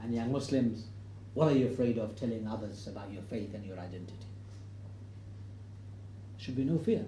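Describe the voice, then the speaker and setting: Animated man telling a story in an echoey hall. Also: on the low side, brisk, pauses often, a little hiss or hum. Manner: animated storyteller, acts out quoted voices, rising to loud emphatic points. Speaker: speaker giving a talk to an audience. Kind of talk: storytelling public talk. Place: hall with an audience.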